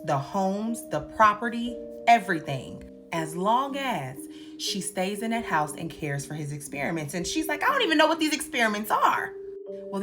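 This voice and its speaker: A young woman giving a sassy, comedic recap commentary, acting out the characters' lines in different voices. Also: mid-range voice. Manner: sassy, animated, acts out quotes in voices. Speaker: commentary host. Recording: music playing underneath.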